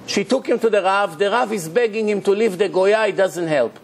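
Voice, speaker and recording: High-voiced rabbi preaching emphatically. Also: male voice, normal speed, slight background noise. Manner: emphatic, preaching with rhetorical questions; loose, non-standard English grammar. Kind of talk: sermon.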